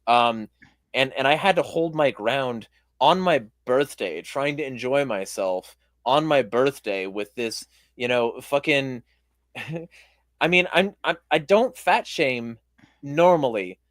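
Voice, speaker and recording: A man with a hoarse voice, hosting a casual interview and telling a rambling, profane story with lots of fillers. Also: mid-range voice, expressive, slow, a bit bright, dry recording, studio quality. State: hoarse voice from shouting. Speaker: podcast host.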